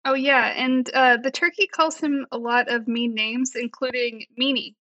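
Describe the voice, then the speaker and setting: A woman's voice: fairly high pitch, fairly even intonation, normal speed, bright, forceful tone, no room sound, muffled recording. A woman casually discussing a movie, amused, with wry asides and frequent laughter. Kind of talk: casual movie recap chat.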